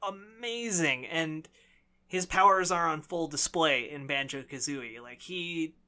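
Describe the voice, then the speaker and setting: A man's voice: on the high side, slow pace, bright, forceful tone. A man co-hosting a video game podcast, chatting casually in a playful, teasing, argumentative way. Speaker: podcast co-host. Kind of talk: casual chat.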